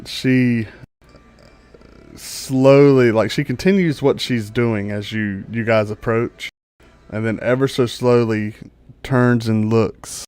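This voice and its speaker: A man narrating as game master of a tabletop game. He describes each scene at a slow, unhurried pace, with plenty of fillers. The recording is dry and close. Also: medium pitch, steady tone, a little mellow, smooth, no room sound.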